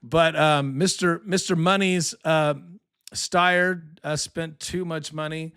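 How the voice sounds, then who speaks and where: A man's voice: a little high, takes it slowly, clear, resonant tone. Rambling sarcastic man commentating live. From California. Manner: rambling, sarcastic, restarts often, excited. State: tired from little sleep. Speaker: political podcast host. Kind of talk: casual live election commentary.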